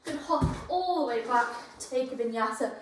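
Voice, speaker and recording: High-voiced woman teaching yoga, out of breath, encouraging, lots of room echo, mic kinda far. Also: expressive, normal speed, slight background noise. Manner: encouraging, cueing poses and breaths. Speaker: yoga instructor. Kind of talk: guided yoga class instruction.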